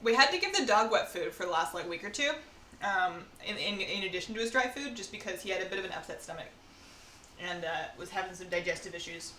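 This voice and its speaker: A woman's voice: fairly low pitch, expressive, fast, sharp tone. A woman streamer chatting casually while she bakes at home, rambling from one aside to the next. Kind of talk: casual live-stream chat while baking. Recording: roomy echo, faint background noise.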